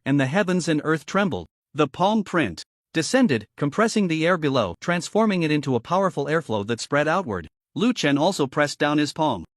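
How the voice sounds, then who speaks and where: A man narrating a fantasy novel story in a scripted, animated storytelling manner. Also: fairly high pitch, no echo, studio quality.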